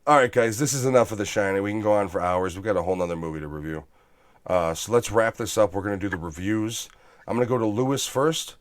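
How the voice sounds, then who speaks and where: A man hosting a casual movie review podcast, animated and swearing freely as he riffs on scenes. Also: on the low side, fast. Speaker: podcast host.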